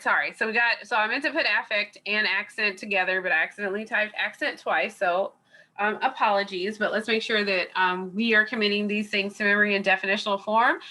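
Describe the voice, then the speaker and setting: A woman's voice: mid-range voice, sharp tone. A woman college instructor giving an online class review lecture, chatty and digressive with lots of fillers, heard through a computer mic on a video call. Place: home or office on a video call.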